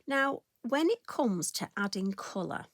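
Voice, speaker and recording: A woman's voice: fairly high pitch, sing-song, unhurried, dry recording. A middle-aged woman with a chatty, self-deprecating manner, hosting a card-stamping tutorial and talking to viewers as she works. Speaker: craft tutorial host.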